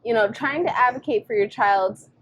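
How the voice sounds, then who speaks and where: A woman's voice: fairly high pitch, normal speed, lo-fi sound, a little hiss or hum. A young woman co-hosting a podcast, talking casually about parenting and often quoting her son and herself. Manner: chatty, acts out her son and herself in quotes. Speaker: podcast co-host. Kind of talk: casual chat.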